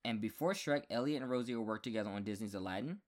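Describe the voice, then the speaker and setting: A man co-hosting a podcast, reading out trivia facts in casual chat, with filler pauses. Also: lowish voice, background noise. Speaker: podcast co-host.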